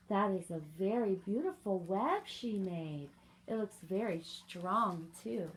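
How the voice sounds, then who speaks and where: A woman reading a children's bedtime story aloud as a library storyteller, gentle and coaxing, talking straight to the young viewers. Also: mid-range voice, lively intonation, slow, slight background noise.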